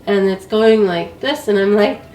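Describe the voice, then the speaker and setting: A woman fighting a cold tells her story in a relaxed, chatty way, breaking into laughter and lively asides. She sits some distance from the microphone in a room that echoes, with faint noise behind her. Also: mid-range voice, a little slow. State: sick with a cold. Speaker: interview guest, walker. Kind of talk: casual storytelling.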